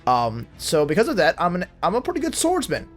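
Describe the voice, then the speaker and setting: A man's voice: high voice, huge pitch swings, brisk, a bit bright, faint music behind, full character voice. A man as a captured merchant sailor. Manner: plain, matter-of-fact in-character telling. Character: young male merchant sailor taken prisoner.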